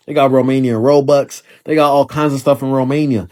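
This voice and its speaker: A man's voice: medium pitch, fairly even intonation, a little fast, hardly any pauses, darkish tone. Rambling sarcastic male vlogger. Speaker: travel vlogger. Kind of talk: sarcastic vlog rant.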